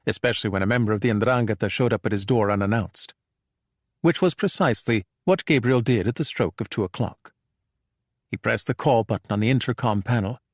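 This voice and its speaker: A man narrating a thriller audiobook in a measured, even storytelling manner. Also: fairly low pitch, no room sound, clean studio sound.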